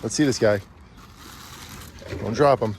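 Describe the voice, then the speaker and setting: A man vlogging as a father while unboxing a prop with his kids, chatty and teasing, easily excited. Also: on the low side, a little slow, background noise. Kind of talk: casual chat.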